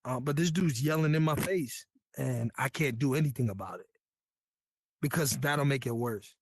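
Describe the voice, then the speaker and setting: A man's voice: medium pitch, moderate pace, slightly rough, no echo. A man from New York, a Navy veteran guest, telling his story in a candid, earnest, slangy way. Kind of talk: casual storytelling.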